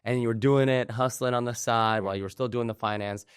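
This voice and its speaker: A man's voice: medium pitch, fairly even intonation, fast talker, clear, resonant tone, dry recording, clean studio sound. A man hosting a podcast, chatting casually and easily with a guest and affirming often. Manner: easygoing, affirming with frequent yeahs. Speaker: podcast host. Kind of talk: casual interview chat.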